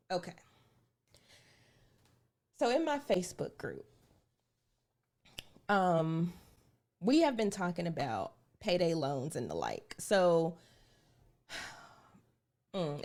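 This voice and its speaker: A woman with a fairly low, slightly mellow voice hosts a personal finance live stream. She chats casually and earnestly, calling her viewers "y'all" and repeating points for emphasis.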